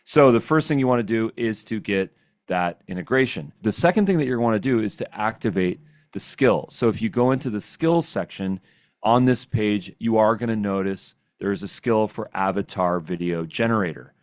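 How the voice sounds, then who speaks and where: A man giving a casual, upbeat screen-share software tutorial, chatty and often checking in with "okay?". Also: lowish voice, moderate pace, no echo. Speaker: software trainer. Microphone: desk microphone.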